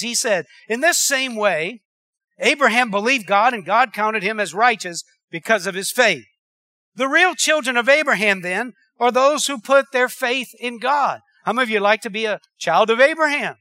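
High-voiced preaching man, bright and dry. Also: lively intonation, moderate pace, no echo. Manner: preacherly, calls for amens, conversational storytelling. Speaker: pastor. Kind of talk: sermon.

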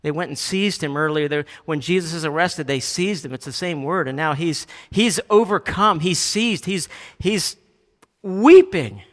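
Male pastor, sermon, animated, slightly high voice, church hall reverb. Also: moderate pace, hardly any pauses. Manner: animated, acts out Bible quotes with raised voice.

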